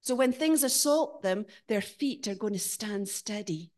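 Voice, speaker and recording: A woman delivers a sermon in church with real animation. Her voice climbs and gets louder on the big points, then falls to a hush for the searching questions she puts to the congregation. Her pitch sits in a middling range for a woman. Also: unhurried. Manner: animated, rising to emphatic peaks and dropping to quiet questions. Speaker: preacher.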